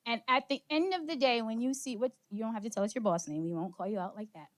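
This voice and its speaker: A woman's voice: fairly high pitch, quick pace. A woman giving an interactive motivational workshop talk to a live audience, moving among them and asking questions, a little out of breath. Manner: energetic, engages audience with questions and laughs. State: slightly out of breath. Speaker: speaker leading a workshop session. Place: conference room with live audience.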